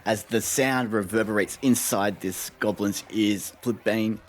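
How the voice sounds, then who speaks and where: A man narrating a tabletop game as game master, relaxed and hesitant with many fillers. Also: on the low side, a little slow.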